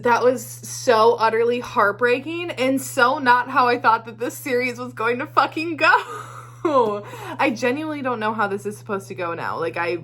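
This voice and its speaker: A young woman talks through her reactions to a book in a loose, rambling vlog. She swears freely and laughs between heartfelt thoughts, her voice sitting at an ordinary middle pitch. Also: a bit bright. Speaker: book vlogger. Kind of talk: casual reading vlog chat.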